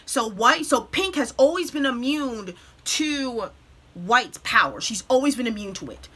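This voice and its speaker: A young woman talking through a favorite cartoon scene with raw emotion, her voice bright and slightly high. She rushes through some lines in excited bursts and chokes up on others, stopping to pull herself together. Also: husky. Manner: tearful, breaks off to compose herself; animated retelling with quick bursts. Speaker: vlogger. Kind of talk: emotional show recap.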